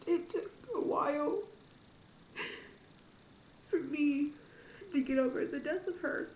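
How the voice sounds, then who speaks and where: Young woman vlogging, stuffy nose, teary and halting, super slow, echoey room. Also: high voice, a little mellow, distant mic, a little hiss or hum. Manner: tearful, emotional, halting. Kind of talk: personal confessional vlog.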